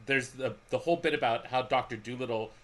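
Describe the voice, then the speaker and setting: A man talks through his thoughts in casual conversation. His voice is bright and forceful, with a mid-range pitch. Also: fast talker. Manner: conversational, thinks aloud. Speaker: podcast co-host. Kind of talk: casual chat.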